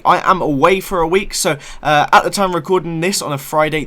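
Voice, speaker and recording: A young man talks through a football game squad in a relaxed, upbeat way, correcting himself as he goes. His voice sits a little higher than most men's. He sounds close to a desk mic. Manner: chatty, self-correcting, upbeat. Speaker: gaming YouTuber. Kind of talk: casual game commentary.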